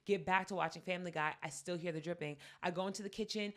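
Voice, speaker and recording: A woman co-hosting a podcast, telling a story in casual chat, acting out quotes loudly and laughing often. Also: on the low side, steady tone, quick pace. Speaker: podcast co-host.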